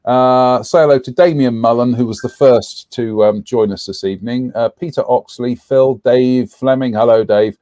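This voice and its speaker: Male co-host, casual and rambling, mid pitch, dry close sound. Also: moderate pace, hardly any pauses, warm tone, no room sound. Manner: rambling, frequent ums, reading out viewer names. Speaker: co-host of a live stream. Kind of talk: casual live-stream chat.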